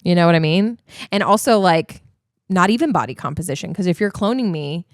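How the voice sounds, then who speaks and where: A woman chats as a podcast guest and drops quick, deadpan quips. Her voice sits somewhat low. The sound is close and dry, with no room around it. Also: dry recording. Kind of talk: casual podcast banter.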